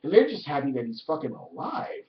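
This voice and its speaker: A man giving a casual spoken review of a TV episode, excited and profane, leaning heavily on "like". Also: on the high side, a little fast. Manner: excited, profane, heavy use of "like". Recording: roomy, distant, dull lo-fi audio.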